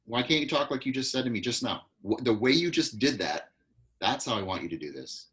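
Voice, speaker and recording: A man acting coach leading a live online class, giving quick, directive notes over a video call. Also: mid-range voice, animated, fairly bright tone, low-quality recording.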